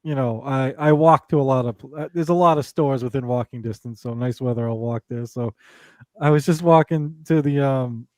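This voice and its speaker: A man's voice: mid-range voice, moderate pace, mellow, dry recording. A man telling a rambling, profane story in casual chat, laughing mid-sentence.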